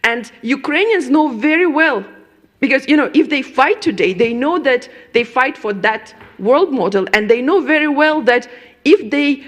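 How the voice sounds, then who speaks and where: Hesitant woman, higher voice. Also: expressive, normal speed, fairly bright tone. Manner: hesitant, searching for words. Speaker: panelist. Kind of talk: conference panel remarks.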